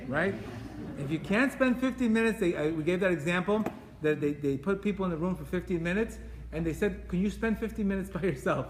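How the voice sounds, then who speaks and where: A man's voice: sits high, fairly bright tone, a little hiss or hum. A man giving a Torah class to a group, talking animatedly with rhetorical questions and repeated phrases. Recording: echoey hall with faint ambience.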